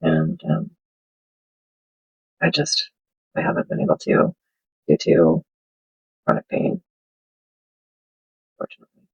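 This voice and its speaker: A middle-aged woman chatting casually and rambling while she crafts at home, with soft laughs. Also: deep voice, very animated, slow, vocal fry, long pauses, husky, muffled recording. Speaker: craft video host. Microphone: smartphone.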